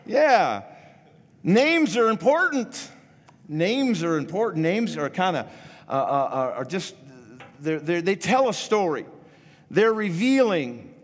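A man's voice: fairly high pitch, sing-song, a little slow. A man in his fifties preaching a sermon as pastor, casual and rambling with frequent restarts. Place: church sanctuary. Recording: echoey church hall.

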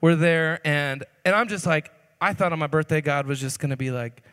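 A young man preaching a sermon through a funny story, animated and jokey, swinging between loud and hushed. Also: fairly high pitch, moderate pace, smooth. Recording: long reverb of a hall.

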